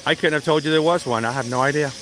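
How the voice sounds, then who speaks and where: A man's voice: on the high side, very fast, noisy background. A man hosting a casual livestream outdoors at a theme park, telling a rambling story with fillers and laughs. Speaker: livestream host.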